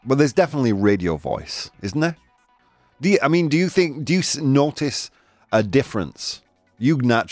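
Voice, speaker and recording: Male radio host, animated swooping delivery, dry close studio sound, soft music underneath. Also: on the low side, no echo. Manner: animated, laughs often, switches into Spanish translations. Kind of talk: casual radio chat, reading news items.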